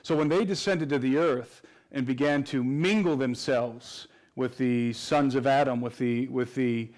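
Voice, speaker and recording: Male interview guest, mid-pitch, flat and earnest, talks in long explanations with restarts. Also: unhurried. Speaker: guest researcher. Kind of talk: interview answers.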